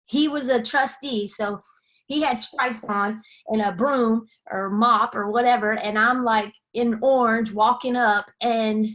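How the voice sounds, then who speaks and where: A woman's voice: a little high, fairly even intonation, measured pace, fairly bright tone. A young woman, giving a candid personal testimony and acting out quoted dialogue as she tells it. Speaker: guest sharing her testimony.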